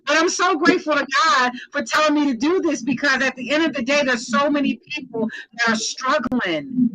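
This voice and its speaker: A woman host with a bright, sharp-edged voice, gushing enthusiastically and circling back to the same phrases again and again. She talks like someone wrapping up a live stream for her followers. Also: high-pitched, brisk, no echo, low-quality recording. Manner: effusive, repeating phrases like "I'm telling you" and "excited". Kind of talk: hosting an online interview.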